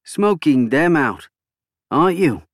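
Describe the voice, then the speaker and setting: A man's voice: on the high side, sing-song, slow, no echo, studio quality, pitched above the performer's own voice, heavily acted. A man doing an intense, scheming prime minister. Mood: insistent. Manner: intense, insistent.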